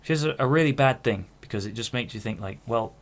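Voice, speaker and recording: A fast-talking man in his twenties with a mid-range, expressive voice hosts a podcast. His solo monologue rambles, stops and restarts, and includes casual swearing.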